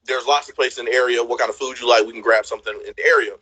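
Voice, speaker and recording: Animated man telling a dating story. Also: medium pitch, very fast, husky, rough recording. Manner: animated storyteller acting out quotes, laughs often. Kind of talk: casual storytelling chat.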